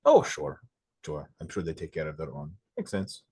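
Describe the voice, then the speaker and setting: Man doing a husky sarcastic mob thug. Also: a bass voice, wildly swooping pitch, normal speed, darkish tone, no room sound, studio quality, voice pushed down, exaggerated voice. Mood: mock-friendly menace. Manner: mock-casual threats, profane. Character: menacing male mob henchman, sarcastic and threatening.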